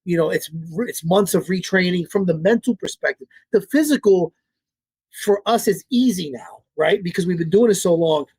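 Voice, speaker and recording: Guest: man, dog trainer. High-pitched, husky voice, dry close sound. Blunt, profane, repeats himself. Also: animated, moderate pace, a little mellow, no room sound. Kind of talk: casual interview talk.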